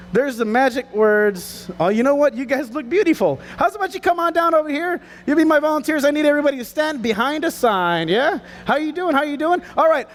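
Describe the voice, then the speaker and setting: A man presenting a lively children's stage show at a festival, playful and hammy, rousing the crowd of kids. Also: very high-pitched. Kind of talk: energetic kids' stage show.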